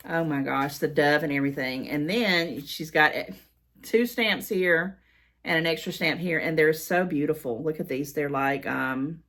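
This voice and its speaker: A woman's voice: deep voice, moderate pace, fairly bright tone. A middle-aged American woman chatting casually as she reads fan mail aloud, gushing and emotional, often repeating her words. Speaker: haul vlogger.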